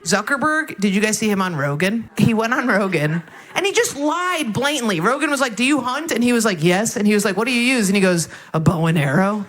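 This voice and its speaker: A woman doing stand-up, telling stories in a dry way and mocking people with low, flat impressions. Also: brisk. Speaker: stand-up comedian. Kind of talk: stand-up set. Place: comedy club stage.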